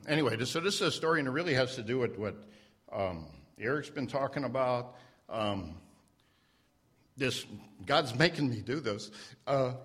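A man at a church mic telling a personal story, halting and self-deprecating, with many fillers and restarts. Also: mid-range voice, a bit bright, husky. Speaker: church member sharing a testimony. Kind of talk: unscripted personal testimony. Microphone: standing mic.

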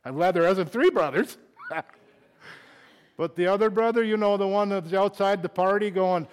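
A middle-aged man preaching a sermon, moving between quiet confiding talk and loud impassioned bursts, emotional at times. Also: sits high, normal speed. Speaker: pastor.

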